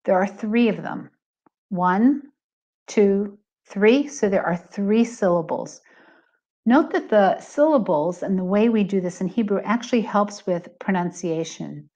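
Woman, middle-aged, teacher narrating a lesson; patient, clear, mid pitch. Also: lively intonation, warm tone. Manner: clear, patient explaining with slow stressed examples. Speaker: Hebrew teacher.

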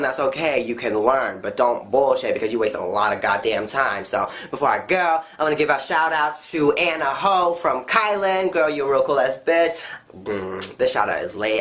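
A woman vlogger delivering a blunt, profane comedic rant straight to camera, her voice jumping around as she goes. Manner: blunt, swears constantly, animated jumps in pitch.

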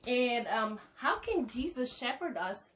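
A woman leads a children's liturgy in a fairly high voice. She asks simple questions and gives the group their prayer responses to repeat. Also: very animated, unhurried, fairly bright tone. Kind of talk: teaching children, leading prayers.

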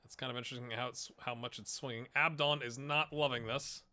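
A man's voice: mid-range voice, fairly even intonation, a little fast, bright, forceful tone. A man casually commenting on his own football management game, chatty and self-mocking, urging his players on. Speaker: gaming YouTuber.

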